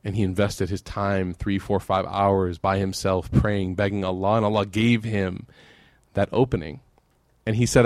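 A man's voice: lowish voice, fairly even intonation, fast talker, no room sound, clean studio sound. A man giving a sermon, telling a story and then closing in fervent prayer. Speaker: preacher.

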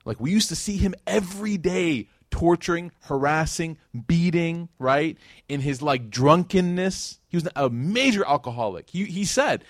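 A man's voice: a little high, animated, a little slow, dry recording, studio quality. A man giving a casual religious lecture, telling a story in a conversational way with many fillers and acted-out quotes. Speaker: speaker teaching Islamic history.

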